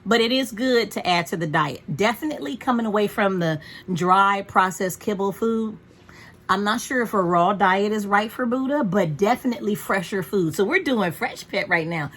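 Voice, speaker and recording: A woman's voice: medium pitch, moderate pace, a bit bright, breathy edge. A woman vlogging from home in a frank, profane, chatty way about caring for her dog. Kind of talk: casual rambling chat.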